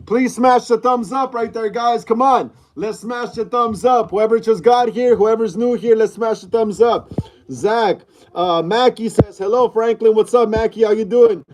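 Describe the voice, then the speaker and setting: A man's voice: extremely high pitch, measured pace, slight background noise. A man hosting a casual livestream from a room at home, greeting viewers over and over and reading chat aloud. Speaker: livestream host. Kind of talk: casual live-stream chat. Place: room at home, mid-move.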